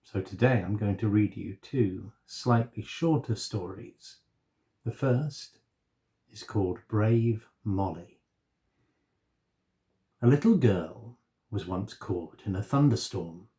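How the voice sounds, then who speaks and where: A man reading a children's story aloud in a gentle, expressive way. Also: lowish voice, slow, long pauses.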